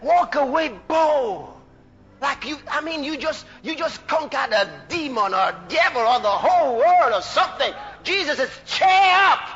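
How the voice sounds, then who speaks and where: A man preaches with fervor in a very high, bright voice, shouting out praise and acting out the quotes he tells. The recording sounds muffled, with soft music underneath. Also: expressive, moderate pace, hardly any pauses. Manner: impassioned, shouting praise, laughing, dramatic voicing of quotes. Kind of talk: sermon.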